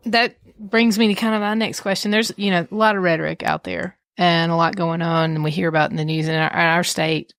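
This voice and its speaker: A woman's voice: fairly low pitch, steady tone, brisk, few pauses, a bit bright, no echo. A woman co-hosting a podcast, asking long, rambling questions in a casual, conversational way. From Tennessee. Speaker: podcast co-host. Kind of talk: casual interview chat.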